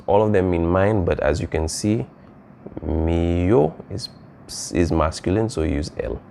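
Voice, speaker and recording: A man's voice: low voice, vocal fry, darkish tone, slight background noise. A man teaching a Spanish lesson, explaining casually with frequent fillers and "all right?" checks. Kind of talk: recorded classroom lesson.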